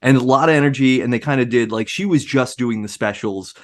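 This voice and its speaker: A man in his forties talks loosely on a podcast, his voice sitting at an ordinary middle pitch. He rambles through his points and slips jokes in as he goes. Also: fairly quick. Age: 40s. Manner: joking, rambling. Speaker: podcast co-host. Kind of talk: casual chat.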